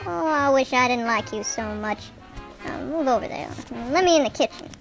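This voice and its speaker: A woman's voice: high voice, expressive, normal speed, music in the background, low-quality recording. A woman voicing a wisecracking, bossy male talking mule in an improvised radio comedy. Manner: dry teasing wisecracks, bossy.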